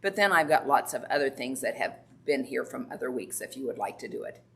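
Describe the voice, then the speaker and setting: A woman's voice: rumbling low, animated, a little fast. A woman Sunday school teacher telling a Bible story to children and asking them questions. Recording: echoey room from far off, faint background noise.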